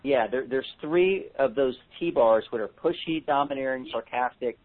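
A man's voice: mid-range voice, moderate pace. A man hosting a handwriting analysis seminar with callers, explaining in a chatty way with joking asides. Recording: tinny phone-line audio.

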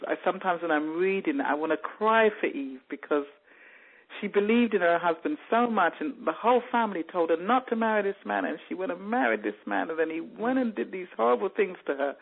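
Storytelling woman on tinny radio. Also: low voice. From born in Jamaica, raised in England. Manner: animated storytelling, mimics voices she overheard. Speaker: author guest. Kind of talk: radio interview. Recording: narrow phone-like radio sound.

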